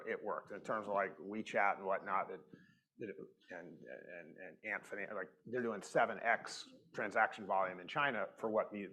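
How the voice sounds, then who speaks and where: Brief: man, lowish voice, animated storyteller on a conference panel stage. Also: rough recording. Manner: animated storytelling, acts out quoted exchanges, many "like" fillers. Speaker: panelist, tech investor.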